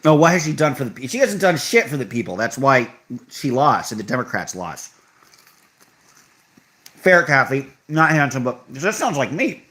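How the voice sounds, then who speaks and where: A man's voice: mid-range voice, sing-song, moderate pace, fairly bright tone. A young man hosting a live stream, chatting casually and reacting to viewer comments with offhand sarcasm. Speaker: livestream host reading chat. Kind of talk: casual livestream chat.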